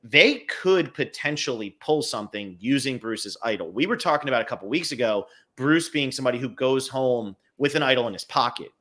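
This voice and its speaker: A man's voice: mid-range voice, expressive, fairly quick, hardly any pauses, fairly bright tone. A man co-hosting a casual podcast, analytically talking through scenarios step by step. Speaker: podcast co-host.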